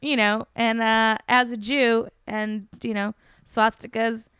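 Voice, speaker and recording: A woman's voice: on the high side, little pitch movement, takes it slowly, a bit bright, smooth, dry recording, studio quality. A young woman comedian chatting casually on a podcast, rambling with lots of fillers and giggles. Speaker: comedian guest.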